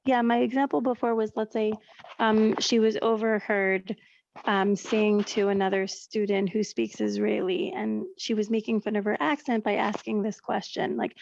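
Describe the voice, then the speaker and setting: Gravelly-voiced woman teacher on a call. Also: medium pitch, fairly even intonation, normal speed, darkish tone, no echo, highs cut off. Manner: searching, full of fillers and rephrasing. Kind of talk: question from a webinar attendee.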